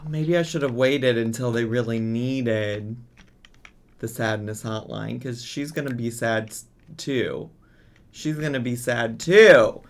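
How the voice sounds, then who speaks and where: A man's voice: mid-range voice, measured pace. A man giving casual let's-play commentary as a gaming streamer, exasperated and bossing his game characters around.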